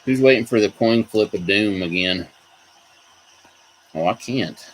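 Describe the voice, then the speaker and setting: A man's voice: on the low side, measured pace, pauses often, slight background noise, poor audio. A man hosting a casual video, rambling about collectible figures and reacting to viewer comments. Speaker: toy collector host. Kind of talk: casual chat.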